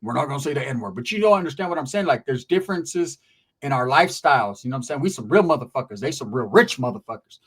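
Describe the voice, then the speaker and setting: A man's voice: medium pitch, lively intonation, quick pace, husky. A man telling a rambling, profane story in a streetwise way, often checking in with "right?".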